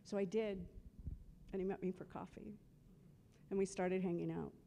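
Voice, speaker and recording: A woman's voice: mid-range voice, steady tone, normal speed, creaky, dark tone, slight background noise. A woman giving a eulogy for her husband at a memorial service, telling humorous stories and acting out old conversations. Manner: humorous, acts out remembered conversations.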